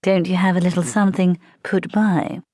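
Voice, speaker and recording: A woman's voice: fairly low pitch, steady tone, moderate pace, dark tone, dry recording, studio quality, natural voice. A woman voicing a sly male vampire soldier recruit who draws out his words for theatrical menace. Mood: probing.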